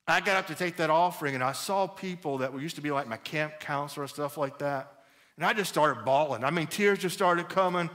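Animated pastor preaching. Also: male voice, fairly high pitch. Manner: animated, conversational preaching with repeated phrases. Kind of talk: sermon.

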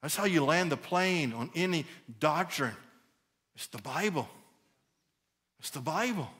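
A middle-aged pastor delivers a lively, conversational sermon, his voice sitting a little high for a man. He repeats key phrases and speaks straight to his congregation.

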